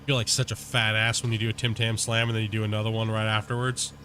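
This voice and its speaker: A man streaming a game, chatting casually with his viewers in a relaxed, rambling way full of fillers. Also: fairly low pitch, fast talker, a little hiss or hum. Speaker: gaming streamer. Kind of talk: casual chat with live viewers while playing.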